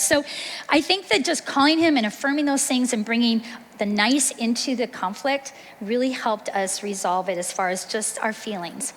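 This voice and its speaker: A woman's voice: a little high, moderate pace, slight background noise. A middle-aged woman giving an earnest, conversational teaching talk to mothers at a church. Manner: earnest, conversational, acts out quoted voices. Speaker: women's ministry speaker. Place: church hall. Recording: long reverb from a large hall.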